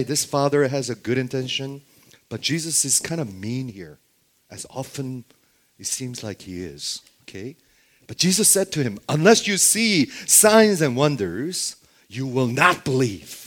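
A man preaching a Bible sermon who keeps asking his listeners rhetorical questions and checking in with "okay?". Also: mid-range voice.

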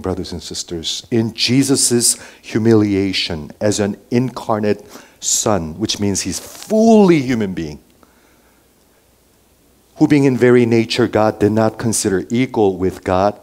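A male pastor preaching a sermon to a congregation, swinging between raised emphasis and hushed near-whispers and often checking in with "okay?". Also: fairly low pitch. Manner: checks in with the listeners with frequent "okay?". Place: church before a congregation.

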